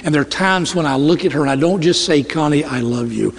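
Earnest preaching man in a reverberant hall. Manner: earnest preaching, slows and drops low on key phrases. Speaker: pastor. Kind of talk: sermon.

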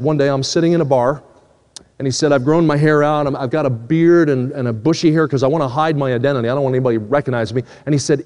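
A man's voice: a little high, darkish tone. A man preaching a sermon, telling a story and acting out the dialogue, then pleading earnestly with his listeners. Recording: long hall reverb.

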